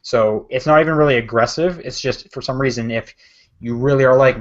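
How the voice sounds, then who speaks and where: A man's voice: medium pitch, steady tone, fairly quick. A man co-hosting a podcast in casual chat, rambling with lots of fillers and self-corrections. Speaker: podcast co-host. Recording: dull lo-fi podcast audio.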